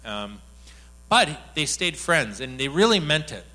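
A middle-aged man preaching with a bright, forceful voice that sits a little high for a man. He tells a church story in an animated, anecdotal way, full of restarts and quoted dialogue. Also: a little slow. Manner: animated anecdotal retelling with frequent laughs. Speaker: church speaker. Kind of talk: sermon storytelling.

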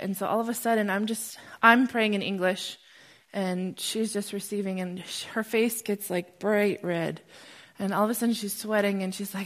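Brief: young American woman, church testimony, lively storyteller, mid-pitched voice. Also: moderate pace. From United States. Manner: animated storyteller, gets loud and excited when recounting. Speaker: speaker sharing a testimony. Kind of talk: church testimony talk with slides.

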